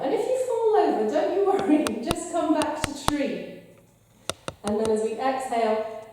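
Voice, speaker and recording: A high-pitched, mellow-toned woman guides a yoga class, calmly and encouragingly talking students through each breath and pose. She sits at a distance from the microphone in a large room with a long, echoing reverb. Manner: calm, encouraging cueing of breath and poses. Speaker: yoga instructor. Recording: echoey hall, voice from far off.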